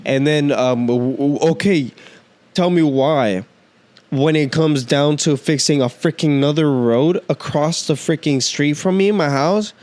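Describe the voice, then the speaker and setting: A man hosts a podcast in a heated, profane rant, talking in slangy, animated bursts. His voice sits a little high for a man. The sound is close and dry, with no room around it. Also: a little slow, dry recording. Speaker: podcast host. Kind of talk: casual ranting monologue.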